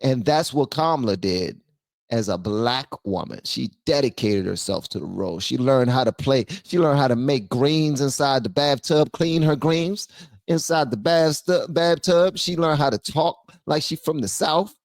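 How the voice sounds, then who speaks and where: A man from Washington, D.C. hosting a casual political commentary channel, animated, slangy and joking. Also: medium pitch, moderate pace, no echo, clean studio sound.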